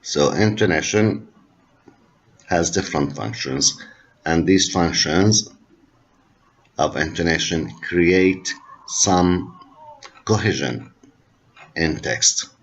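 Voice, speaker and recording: The speaker is a man with Arabic as his mother tongue, teaching linguistics at a slow, careful pace and repeating points for his students while moving between English and Arabic. His voice is very deep and a little husky, captured on dull, lo-fi audio.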